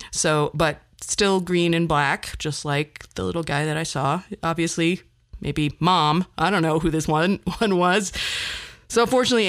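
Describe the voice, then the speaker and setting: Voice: medium pitch, sharp tone. A podcast host telling a story in a rambling, wry, casual monologue with frequent laughs, closing with an upbeat pep talk. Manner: rambling and wry, laughs often between phrases.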